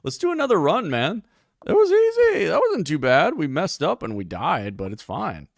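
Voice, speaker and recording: A man's voice: fairly high pitch, huge pitch swings, normal speed, gravelly, no room sound, studio quality. A man commenting playfully on a game he is playing live, thinking aloud and slipping into silly voices. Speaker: game streamer.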